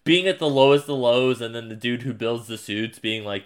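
A man co-hosting a casual podcast, recapping at ease and going loud and high when he quotes characters. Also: normal speed, clean tone. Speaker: podcast co-host. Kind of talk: casual chat.

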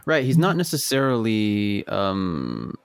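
A man co-hosting a casual movie podcast, relaxed and thoughtful, leaning on filler like "you know" and "right.". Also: fairly low pitch, slow pace, creaky, clear, resonant tone, dry recording, studio quality. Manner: thoughtful, relaxed, hedging with 'you know' and 'right'. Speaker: podcast co-host.

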